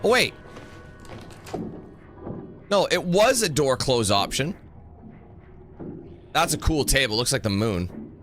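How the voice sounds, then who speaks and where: A man talks through a horror game in loose, rambling commentary, cracking jokes as he plays. His voice is bright and forceful, with game music faint underneath. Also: mid-range voice, big pitch swings, takes it slowly, long pauses. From North America. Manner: joking, rambling, sings snatches and does mock voices. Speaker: gaming channel host. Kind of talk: casual gameplay commentary.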